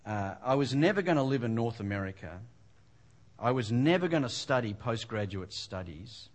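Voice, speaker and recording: An older man from Western Australia with an Australian accent, a pastor giving a humorous, self-deprecating personal testimony to a congregation. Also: mid-range voice.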